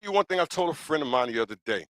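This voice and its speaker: A man's voice: a little high, very animated, very fast, a bit bright. A man hosting a podcast, giving his opinions in a blunt, repetitive, insistent way and often checking in with the listener. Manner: blunt, emphatic and repetitive, with frequent "you know what I'm saying". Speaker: podcast talk show host. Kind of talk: casual opinion monologue.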